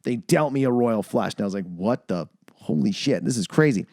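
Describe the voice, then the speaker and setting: Fast-talking man telling a story. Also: no echo, clean studio sound. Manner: animated storyteller, acts out quoted voices with big pitch jumps, swears freely. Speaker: podcast co-host. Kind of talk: casual storytelling chat.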